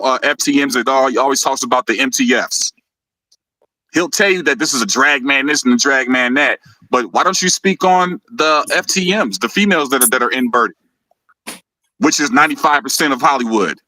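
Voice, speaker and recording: Male live-stream host. Heated and mocking, bright forceful voice, very dry sound. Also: mid-range voice, fairly quick, dry recording, low-quality recording. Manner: heated, mocking, laughs often, stumbles and repeats words. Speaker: host of a live video show.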